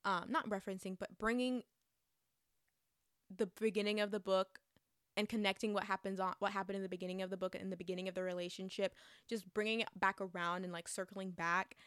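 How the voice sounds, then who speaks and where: Gushing young woman with a smooth voice. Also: mid-range voice, level tone, brisk, fairly bright tone, dry recording, studio quality. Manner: gushing, chatty, many fillers and restarts. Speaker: book reviewer. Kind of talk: casual book review chat.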